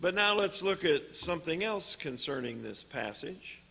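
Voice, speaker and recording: A man preaching a sermon in a church, teaching on scripture in a deliberate way with pauses and "uh" fillers. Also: on the high side, lively intonation, creaky, bright, forceful tone, husky.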